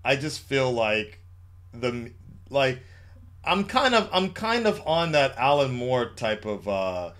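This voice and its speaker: A man's voice: medium pitch, big pitch swings, slow pace, a bit bright. A man hosting a casual call-in livestream, chatting loosely with lots of fillers and restarts. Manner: chatty, laid-back, many fillers and restarts. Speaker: livestream host taking calls.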